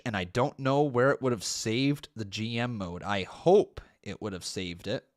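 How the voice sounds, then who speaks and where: Young guy streaming a wrestling game, hyped and goofy, bright voice, slow and draggy. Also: mid-range voice, creaky. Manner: excitable, jokey, breaks into chants. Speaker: gaming streamer. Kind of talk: casual gameplay commentary.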